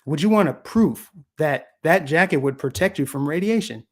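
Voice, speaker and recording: A man's voice: fairly high pitch, lively intonation, normal speed. A man hosting a solo political commentary show, talking casually with a sarcastic tone and lots of rhetorical questions. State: voice getting scratchy.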